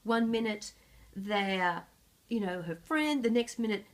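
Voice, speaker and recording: A woman's voice: mid-range voice, lively intonation, measured pace. A woman psychic reading oracle cards and books for a viewer, in an earnest, reflective way with light laughs. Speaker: psychic reader.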